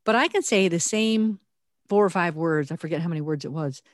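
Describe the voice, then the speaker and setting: Low-voiced earnest woman podcaster. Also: fairly quick, no echo, clean studio sound. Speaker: podcast co-host. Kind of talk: conversational podcast talk.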